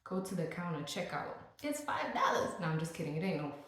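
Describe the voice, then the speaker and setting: A woman's voice: low-pitched, steady tone, quick pace. A young woman vlogging in a casual, joking rant, full of playful asides. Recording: very echoey room.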